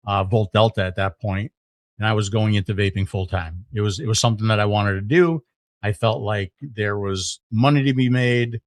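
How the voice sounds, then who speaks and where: A middle-aged man, a podcast guest, telling a story in casual conversation, animated, with lots of fillers and restarts. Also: fairly low pitch, no echo.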